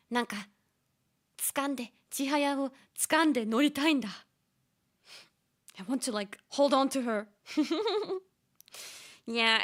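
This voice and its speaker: A young woman streamer chatting casually and telling stories excitedly, laughing often. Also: a little high. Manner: excitable storytelling with frequent laughs.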